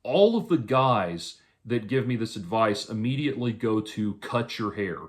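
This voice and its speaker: A man, a musician, talking through a casual, rambling monologue to camera, halting often and adding dry sarcastic asides. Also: medium pitch, expressive. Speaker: musician vlogger.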